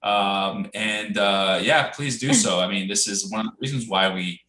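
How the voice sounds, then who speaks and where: A man's voice: on the low side, normal speed, pushed and bright, reverberant. A man co-hosting a casual podcast, telling a story with lots of restarts and acted-out quotes. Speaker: podcast co-host.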